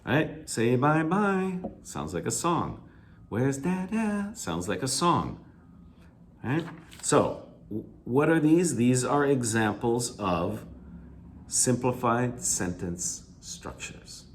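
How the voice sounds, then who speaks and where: A man's voice: big pitch swings, slow pace, slight background noise. A man teaching a recorded lecture, restating each key word with simpler synonyms and repeating himself as he works through answers. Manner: stretches pitch up on examples, lets phrase ends drop quiet. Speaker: English teacher. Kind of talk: video lecture going over reading answers.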